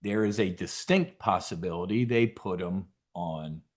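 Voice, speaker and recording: A middle-aged man hosting a trading show, giving blunt, emphatic market commentary and a sales pitch, swearing freely and asking and answering his own questions. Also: a little slow. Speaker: host of a stock options trading show.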